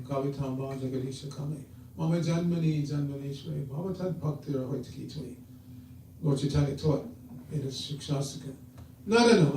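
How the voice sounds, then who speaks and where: A man's voice: on the high side, dark tone, a little hiss or hum. A man giving a sermon, telling stories and acting out the voices he quotes. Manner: storytelling, acts out quoted voices. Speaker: preacher. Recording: echoey hall, voice from far off.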